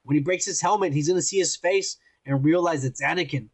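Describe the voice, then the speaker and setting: A man's voice: fairly high pitch, fairly quick, breathy edge. A man co-hosting a podcast in casual, profane chat, rambling and teasing with lots of filler. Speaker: podcast co-host.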